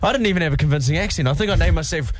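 A New Zealand man hosting breakfast radio, telling stories with an animated, swinging pitch. His voice sits a bit high and the studio sound is dry and close. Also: very fast, dry recording. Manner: animated storyteller, puts on voices. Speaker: radio host. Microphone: studio mic.

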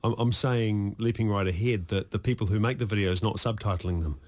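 A man's voice: on the low side, fairly quick, a little mellow. A New man hosting a casual radio chat, joking and often stumbling and restarting his sentences. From New Zealand. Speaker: radio host.

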